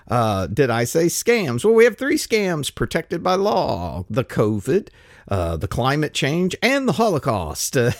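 A man's voice: on the high side, huge pitch swings, a little slow, no room sound, studio quality. A man hosting a podcast alone, rambling through listener mail with restarts and chuckles. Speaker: podcast host. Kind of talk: casual solo podcast monologue, reading listener mail.

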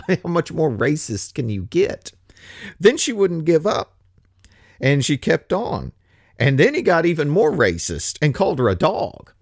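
A man preaching a casual sermon, wry and animated, slipping from scripture into slangy paraphrase. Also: medium pitch, no room sound, clean studio sound.

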